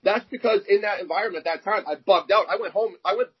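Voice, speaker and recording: A man in his younger years, speaking in a fairly high, husky voice that sounds dull and lo-fi. He tells candid stories as an interview guest and slips into the voices of the people in them. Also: fast. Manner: animated, acts out quoted dialogue. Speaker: interview guest, arm wrestler. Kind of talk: candid personal storytelling.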